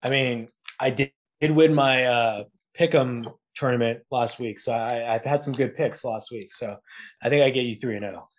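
A man who is a podcast guest, talking sports in a relaxed, joking way. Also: mid-range voice, normal speed, lo-fi sound. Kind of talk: casual sports chat.

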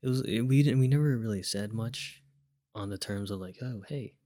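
A young man tells a personal story in a loose, rambling way, full of fillers and restarts. His voice sits a little low, and the sound is dry and close with no room around it. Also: a little fast, warm tone, no echo. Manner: laid-back, chuckles now and then.

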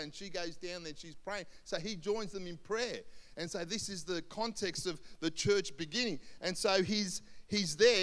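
A man, a senior pastor telling a Bible story in a sermon, acting out the voices of people in it. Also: high-pitched. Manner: animated storyteller, acts out voices in quotes. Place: church hall. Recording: long hall reverb.

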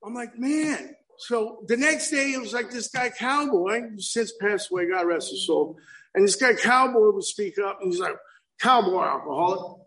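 A man's voice: high voice, moderate pace, a bit bright, low-quality recording. A man in his fifties telling his recovery story at a meeting, acting out the quotes with lots of animation. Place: meeting room.

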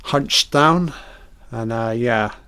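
A man's voice: medium pitch, drawn-out words, pushed and bright. Sweary man riffing on a film. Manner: sweary, jokey, acts out characters' lines. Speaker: film commentator. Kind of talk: casual film commentary.

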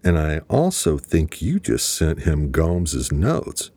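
Narrator plays a wary, accusing woman; pointed, slow lines, low husky tone. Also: wildly swooping pitch, mellow, no echo, studio quality, full character voice. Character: suspicious, confrontational woman lover.

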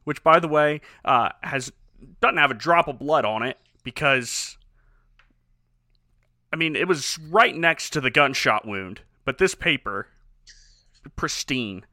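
A man's voice: mid-range voice, lively intonation, takes it slowly, pauses often, sharp tone, dry recording, studio quality. A man casually recapping a bad movie with wry, laughing commentary as a podcast co-host.

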